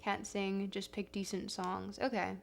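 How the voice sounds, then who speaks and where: A woman's voice: medium pitch, little pitch movement, a little slow, gravelly, slight background noise. A woman livestreaming, casually chatting with her viewers in a chatty, self-deprecating way. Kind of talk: casual stream chat.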